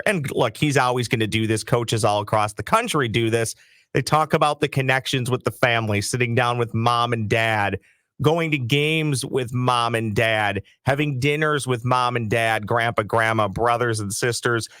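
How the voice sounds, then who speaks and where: A man's voice: mid-range voice, normal speed, fairly bright tone, dry recording, clean studio sound. A man co-hosting a sports chat show, talking earnestly and building his point through repetition. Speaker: sports podcast co-host.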